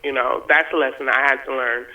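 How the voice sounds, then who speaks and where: A woman's voice: very deep voice, steady tone, a little fast, slight background noise. Woman on a phone call into a radio show, all emotional and laughing, sounds tinny. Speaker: birthday guest calling in. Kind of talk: casual radio interview on the phone.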